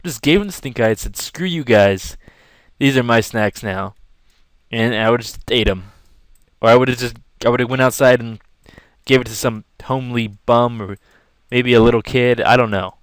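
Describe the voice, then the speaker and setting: A man's voice: mid-range voice, moderate pace, dry recording. A young man telling a rambling, casual story to camera while drawing, acting out scenes as he goes. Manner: rambling, animated, acts out yelling. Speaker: vlogger.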